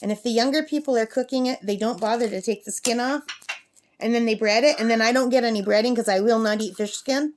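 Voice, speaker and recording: Speaking fast in a voice on the high side, a woman vlogs about crafting from her summer camp, where a talking parrot keeps her company. Her talk is casual, chatty and rambling, and she reads numbers aloud as she works, with a slight hiss or hum in the audio.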